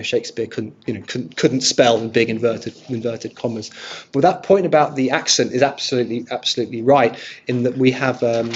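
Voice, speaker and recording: A man with a medium-pitched, slightly rough voice, an archive presenter, gives an illustrated history lecture to a live audience that takes questions. He's friendly and thinks aloud, restarting as he goes. The sound is dull and lo-fi.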